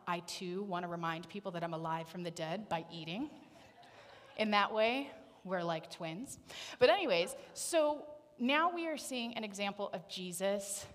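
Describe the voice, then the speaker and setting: Playful woman preaching in a reverberant church. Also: mid-range voice. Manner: playful, animated storytelling with acted voices. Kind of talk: sermon. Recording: long reverb of a church hall.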